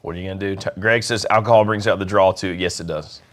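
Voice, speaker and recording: A man with a Southern US accent and a slightly low voice, chatting easily as a livestream co-host. He is wry and relaxed, and he reads viewer comments aloud between jokes. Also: fast talker. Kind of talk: casual chat.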